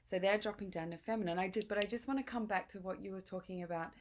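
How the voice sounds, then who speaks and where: A woman's voice: mid-range voice, fast, background noise. A woman in her late forties hosting a casual conversation, frank and emphatic, swearing freely. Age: 40s. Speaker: podcast host.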